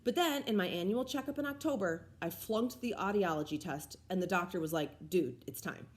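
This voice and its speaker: Expressive woman reading a story aloud. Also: medium pitch, fairly quick. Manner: expressive first-person narration. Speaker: reader. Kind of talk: audiobook read-aloud.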